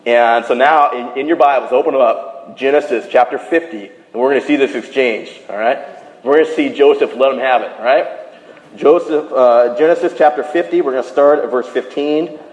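A man's voice: medium pitch, normal speed. Preaching man in an echoey hall. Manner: animated storytelling, drops to a hush for quoted lines. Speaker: pastor. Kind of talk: sermon.

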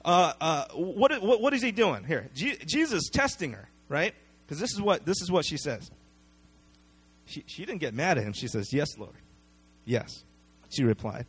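A man with a fairly high voice preaches a relaxed, conversational sermon. He retells the passage in plain everyday words and slips into the voices of the people in the story, checking in with his listeners as he goes. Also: moderate pace, breathy edge. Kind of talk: casual sermon.

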